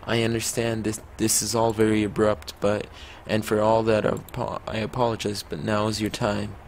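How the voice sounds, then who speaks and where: A man voicing an apologetic mentor figure, reading the game dialogue slowly in his own voice. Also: fairly low pitch, completely flat delivery, creaky, a little hiss or hum.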